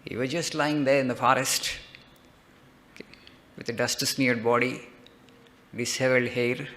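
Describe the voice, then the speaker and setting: A man's voice: medium pitch, fairly even intonation, moderate pace, sharp tone. A man, a monk giving a spiritual discourse, retelling a legend with frequent "okay" checks and rhetorical lists.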